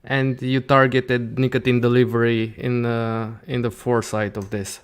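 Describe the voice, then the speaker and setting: A man's voice: mid-range voice, moderate pace, clean tone. A man whose first language is Romanian, hosting and interviewing a guest in English, often rephrasing and summarizing the guest's answers. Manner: steady questioner, rephrases and summarizes the guest's points. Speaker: channel host interviewer. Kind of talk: interview questions.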